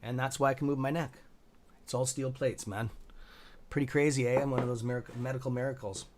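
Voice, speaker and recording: A man's voice: medium pitch, fairly even intonation, fairly quick, background noise. A man hosting a live trading stream, chatting casually and rambling, swearing freely and laughing at his own jokes. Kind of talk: casual chat.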